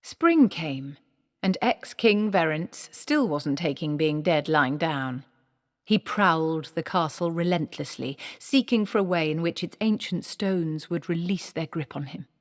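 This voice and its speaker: A woman reads a novel aloud in a measured, expressive way. Her voice sits lowish for a woman. A long hall reverb trails each sentence. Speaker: audiobook narrator. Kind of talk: storybook narration.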